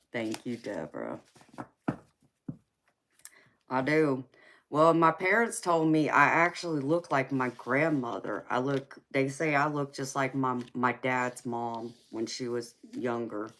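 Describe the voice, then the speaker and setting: A woman's voice: rumbling low, unhurried, fairly bright tone. A woman with a heavy Southern accent from Georgia, chatting casually and laughing often while hosting a late-night live stream. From California.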